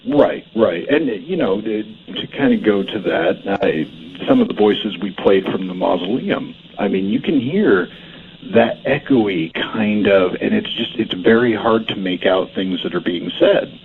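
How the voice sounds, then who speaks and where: A man calling in as a paranormal investigator, explaining things in a measured way during a casual on-air conversation. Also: lowish voice, expressive, a crowd in the background. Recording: tinny phone line with faint hiss.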